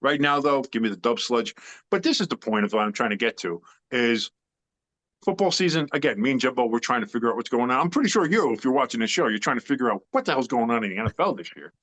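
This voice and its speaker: A man's voice: mid-range voice, expressive, quick pace, a bit bright. A man co-hosting a sports podcast in casual chat, opinionated and emphatic, rambling with fillers. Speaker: podcast co-host.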